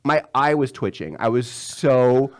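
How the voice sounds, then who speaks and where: A man in his thirties, a comedian guest telling a story in casual chat and acting out the quotes. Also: measured pace. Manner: animated storyteller, acts out quotes in a higher voice.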